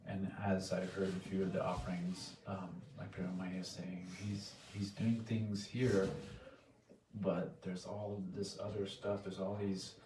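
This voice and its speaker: A man with a deep, fairly even voice speaks earnestly and softly in a temple hall, often pausing and restarting his thoughts. He is picked up from a distance, so the room echoes around him. A faint noise sits under the recording. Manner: earnest, soft-spoken, halting with restarts. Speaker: devotee giving a spoken offering. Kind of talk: heartfelt devotional sharing.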